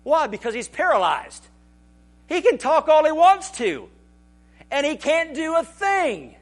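A man preaching a sermon as pastor, animated and building to shouts. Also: extremely high pitch, unhurried.

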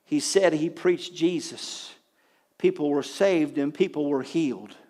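A male preacher delivers a sermon story in a fairly high voice. His telling is dramatic and swells to loud, emphatic peaks. He keeps tying his sentences together with "he says". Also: a little slow. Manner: frequent repetition of "he says".

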